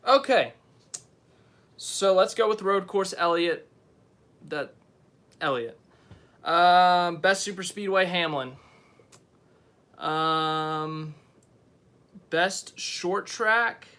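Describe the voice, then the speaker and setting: A man's voice: high voice, extremely slow, pauses often, pushed and bright, clean tone. A young man hosting a casual live stream, rambling and often correcting himself as he answers viewers. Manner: rambling, unsure, self-correcting.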